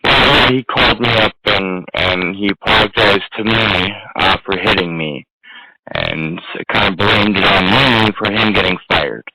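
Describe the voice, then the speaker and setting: Man with a lowish, sharp voice, upset, rambling casual talk with restarts. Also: measured pace, poor audio. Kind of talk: casual conversation.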